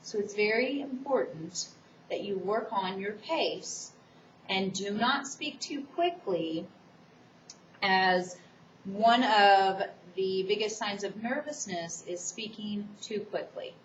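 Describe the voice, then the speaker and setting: A woman public speaking instructor giving a recorded course lecture, explaining the assignment in a quick, enthusiastic way. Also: mid-range voice, slight background noise. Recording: distant, roomy, dull recording.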